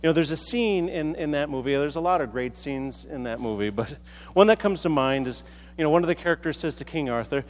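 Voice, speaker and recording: A man's voice: on the high side, lively intonation, fairly quick. An American man preaching a sermon in a large hall, conversational and self-deprecating, with frequent restarts. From United States. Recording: echoey hall.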